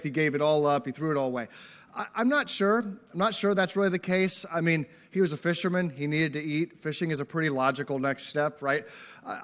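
A fairly high-voiced man preaching to a church congregation. He keeps the sermon loose and conversational, slipping in jokes. He often tags his points with a quick "right?". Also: fairly bright tone. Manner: casual, joking, tags lines with "right?". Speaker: pastor. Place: church service before a congregation.

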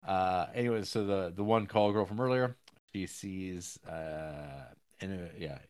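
A man casually recapping a film's plot with rambling fillers and restarts, jumping up in pitch when he acts out characters' lines. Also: measured pace, smooth.

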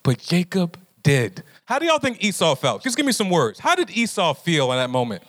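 Conversational pastor with a fairly high voice. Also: male voice, huge pitch swings, moderate pace, a bit bright. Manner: conversational, asks the audience questions. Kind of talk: sermon to a live group.

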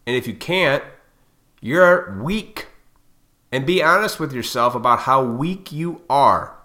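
A man's voice: medium pitch, lively intonation, takes it slowly, sharp tone. A man delivering a heated, profane monologue to his viewers, lecturing them bluntly. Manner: heated, fired up.

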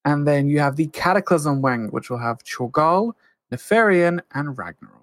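A man's voice: fairly high pitch, expressive, normal speed, no echo. A man co-hosting a podcast, reading out news items casually with frequent fillers. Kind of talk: casual chat.

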